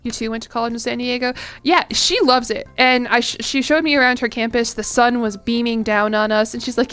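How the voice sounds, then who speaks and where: A woman's voice: on the high side, steady tone, brisk, fairly bright tone, clean tone, faint music behind. A young American woman chatting casually on a game stream, reading chat aloud with a chatty, self-deprecating manner. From United States. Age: young adult. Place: home room.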